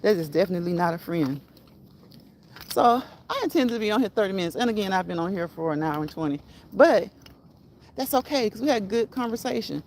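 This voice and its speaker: A woman hosts a casual live stream. She repeats her phrases and encourages her viewers, at a mid pitch for a woman. Faint noise sits under her voice. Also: animated, a little fast, a little mellow. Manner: repetitive, encouraging, laughs at own phrases. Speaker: livestream host.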